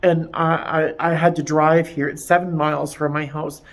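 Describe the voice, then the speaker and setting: A distraught man close to tears, talking haltingly in a personal vlog from a vet clinic, with many restarts. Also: fairly high pitch, level tone. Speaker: vlogger. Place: veterinary clinic.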